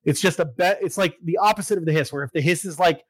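An excitable man in casual chat, walking through a video game story with plenty of filler words and the odd curse. His voice sits a bit high for a man and sounds close and dry, with no room around it. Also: quick pace, breathy edge, dry recording, low-quality recording. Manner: excitable, swears, lots of fillers. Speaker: podcast co-host recapping a video game.

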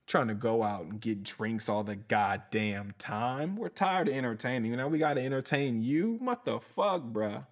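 A man's voice: mid-range voice, lively intonation, moderate pace, few pauses. A male comedian hosting his podcast, ranting in a heated, profane way and often tossing in "bruh". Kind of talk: casual comedic rant.

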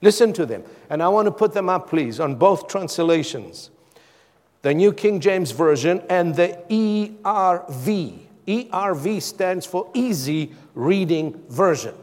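A pastor preaching a sermon with dramatic pauses, building to emphatic calls. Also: male voice, sits high, expressive, darkish tone. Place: church hall. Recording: long reverb of a hall.

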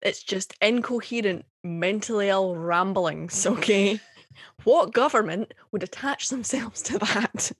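A woman's voice: mid-range voice, unhurried, breathy edge, no room sound, studio quality. Passionate Scottish young woman. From Scotland. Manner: passionate, swears freely, laughs often. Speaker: guest. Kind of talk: casual podcast chat.

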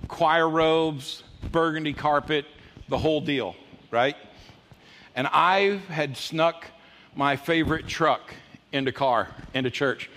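A man in his fifties preaching a sermon, telling folksy personal stories and jumping into high voices when he quotes people. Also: a bit bright. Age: 50s. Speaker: pastor. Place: church auditorium. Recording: reverberant church hall with faint ambience.

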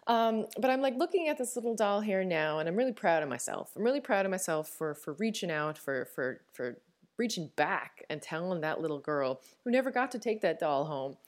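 Woman in her thirties with a Newfoundland accent, podcast host, candid and chatty, fairly low voice, laughs easily. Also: animated, brisk. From Newfoundland, Canada. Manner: warm and candid, laughs often, frequent fillers and restarts. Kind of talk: reflective personal podcast talk.

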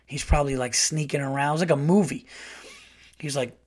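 A middle-aged man hosting a podcast, telling a story in a casual, animated, profane and rambling way. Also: a little high, quick pace. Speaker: podcast host.

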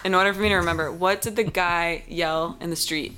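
A woman's voice: lowish voice, fairly even intonation, a little fast, sharp tone, clear, resonant tone. A woman guest on a podcast, chatting in a playful, teasing way with frequent laughter. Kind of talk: casual podcast banter.

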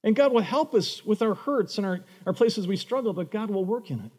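A male pastor delivers a sermon with a somewhat high voice. He brings the story to life by acting out its characters. His voice rings out with the long reverb of a large hall. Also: brisk. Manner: animated, acts out voices of Bible figures.

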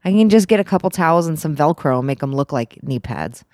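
Low-pitched female podcast co-host, dry close sound, easygoing and hesitant. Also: lively intonation, fast, darkish tone, no echo. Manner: easygoing, hesitant, many uhs. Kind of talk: casual chat.

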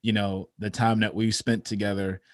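A man's voice: on the low side, flat delivery, normal speed, dry recording, clean studio sound. A man hosting a podcast interview, speaking earnestly and with energy to his guest. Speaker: podcast host.

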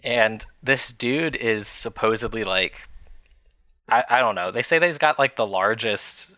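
A man's voice: lowish voice, unhurried, sharp tone, no room sound. A man co-hosting a podcast in casual chat, rambling with fillers and small laughs. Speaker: podcast co-host.

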